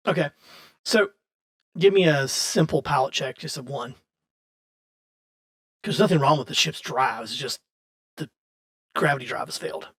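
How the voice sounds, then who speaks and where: A man's voice: on the high side, expressive, moderate pace, creaky, pauses often. A man running a tabletop role-playing session as game master, narrating in a loose, chatty way with frequent restarts and laughs.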